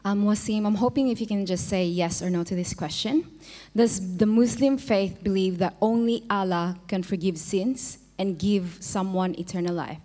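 A woman asks a debater a question from the floor, reading out her prepared wording. Her voice is mid-pitched. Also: moderate pace, dark tone. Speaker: audience questioner.

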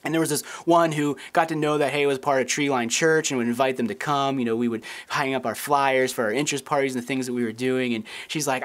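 A man's voice: mid-range voice, fairly even intonation, quick pace, hardly any pauses. A man in his thirties, a pastor preaching a sermon, telling stories and acting out the voices of people in them. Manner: storytelling, acts out quoted voices.

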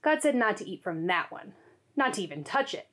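A woman voicing Eve in a children's Bible story, quick and earnest. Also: medium pitch, very animated, fairly bright tone. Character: young woman Eve, naive then defensive.

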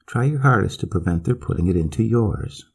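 A man's voice: low-pitched, lively intonation, fairly quick, vocal fry, a little mellow, husky, full character voice. A man reading as a frightened Swedish companion. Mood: fearful.

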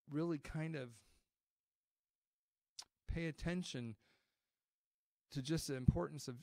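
A man's voice: on the high side, vocal fry, darkish tone, no room sound, clean studio sound. A middle-aged man preaching a sermon as pastor, telling stories in a conversational way with frequent restarts.

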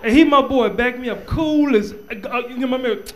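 A man doing a live stand-up comedy set, telling stories with a stutter and an animated delivery on a club stage. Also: very high-pitched, moderate pace.

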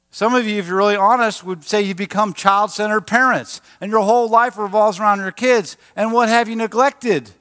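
A man, a pastor, preaching a sermon in a lively, animated way and acting out quoted voices. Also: high-pitched, a little fast, hardly any pauses. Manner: animated, acts out quotes with a raised voice. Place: church sanctuary. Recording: large church hall with long reverb.

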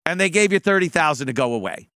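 A man's voice: fairly high pitch, animated, fast, fairly bright tone, clean tone, dry recording, clean studio sound. A man hosting a podcast, mocking played clips with sarcastic, profane commentary and put-on impressions. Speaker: podcast host.

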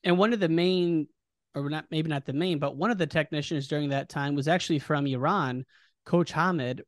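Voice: medium pitch, moderate pace, no echo, clean studio sound. A podcast host asking short questions and reacting with brief interjections. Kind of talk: casual interview.

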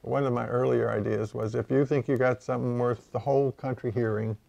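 A man hosts a casual conversation in a voice with a heavy gravelly fry. He speaks haltingly and gropes for his words, slipping in small self-conscious laughs. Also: medium pitch, steady tone, warm tone, lo-fi sound. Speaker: interview host.

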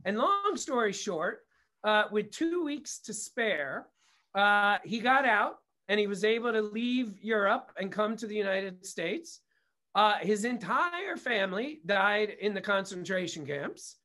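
A man's voice: sits high, animated, measured pace, bright, forceful tone. A middle-aged man, a guest on an interview show, telling family stories in a casual, candid way, swearing freely and wandering into asides. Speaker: guest, comedy producer and director.

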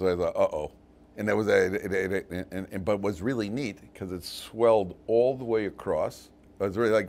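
Animated older rabbi telling stories. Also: male voice. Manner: animated storyteller, laughs at his own jokes, big jumps in pitch and loudness. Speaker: rabbi teaching a weekly Torah class. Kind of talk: lively class talk with personal anecdotes.

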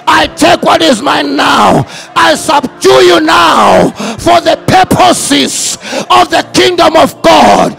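A man preaching in a high, strained, gravelly voice, calling out declarations again and again. He shouts each line at full force. Music plays behind him during the live sermon. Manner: chanting repeated declarations, leading congregation.

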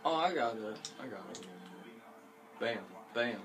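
A man's voice: medium pitch, unhurried, background noise. A man doing casual gaming commentary with a friend, pleading, teasing and yelping as he plays. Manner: excitable, yelps and shouts when playing. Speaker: gaming video host.

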